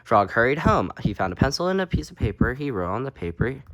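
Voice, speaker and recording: A man reading a children's storybook aloud as narrator, in a gentle, expressive voice. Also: mid-range voice, quick pace, no echo.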